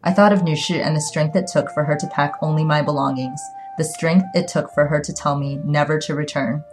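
A woman narrating a story in the first person, reading in a measured, earnest way. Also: low voice, fairly even intonation, over music. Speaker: audiobook narrator.

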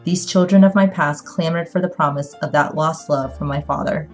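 A woman narrating a story in the first person, reading in a measured, earnest way. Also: low voice, soft background music. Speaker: audiobook narrator.

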